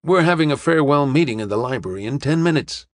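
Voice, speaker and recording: A weary traveler, sick of his trip, as a male narrator puts him on, talks in a blunt, brisk way. The voice sits near a mid pitch, and the recording is dry. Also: animated, dry recording, close to an everyday voice. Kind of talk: audiobook character reading.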